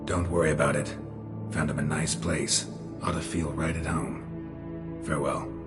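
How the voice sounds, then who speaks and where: Deep-voiced grizzled game monster hunter, dry short answers, music under it. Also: male voice, fairly even intonation, a little slow. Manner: terse, dry, clipped replies. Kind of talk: video game dialogue. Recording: game audio with music behind.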